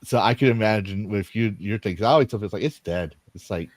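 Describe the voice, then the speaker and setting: A man's voice: lowish voice, quick pace, no echo. A man hosting a casual livestream chat, rambling along and reading out viewer donations between stories. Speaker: stream host.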